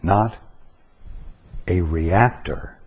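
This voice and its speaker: Slow, deep-voiced man giving spiritual teaching. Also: a little mellow, husky. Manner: slow, deliberate, stressing single words.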